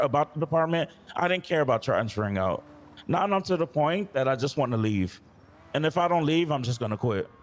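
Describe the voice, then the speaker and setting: In a large hall, a man with a fairly high voice stays in character as a police officer in a role-play game, venting frustration and going back over earlier conversations in detail.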